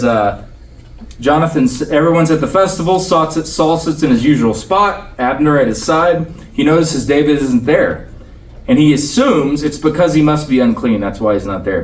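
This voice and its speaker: Casual pastor, distant roomy sound. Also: male voice, mid-range voice, moderate pace. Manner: conversational, paraphrases with everyday slang. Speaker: pastor teaching Bible study. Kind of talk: casual Bible lesson. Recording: roomy, distant mic, faint ambience.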